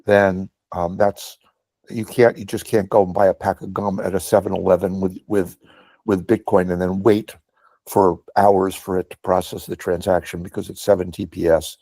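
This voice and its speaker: A man's voice: low voice, level tone, moderate pace, warm tone, dry recording. A man in a meeting discussion, making his points emphatically and stressing key words. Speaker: meeting participant. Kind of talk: discussion comment.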